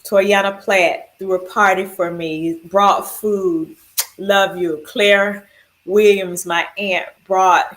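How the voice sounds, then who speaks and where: Heartfelt woman with a lowish voice. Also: low-quality recording. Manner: heartfelt, rambling through long lists of thank-yous. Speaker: cancer survivor sharing her story. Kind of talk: personal video testimony.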